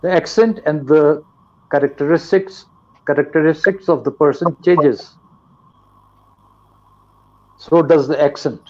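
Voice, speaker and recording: Older guy from pakistan teaching english real slow, kinda high voice. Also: a little mellow, lo-fi sound. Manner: slow, deliberate, lecturing. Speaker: guest teacher. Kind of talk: live online English lesson.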